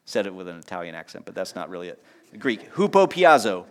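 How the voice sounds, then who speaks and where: A man preaching a sermon in a lively teaching tone, with conversational asides and small jokes. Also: fast talker, clean tone. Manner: lively teaching tone, pitch rising on key points and dropping low on asides. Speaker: pastor.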